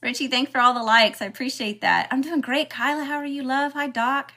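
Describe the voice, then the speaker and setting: A woman's voice: sits high, fairly even intonation, fairly quick, bright, forceful tone, soft background music. A woman hosting a spiritual livestream, chatting casually and greeting viewers by name.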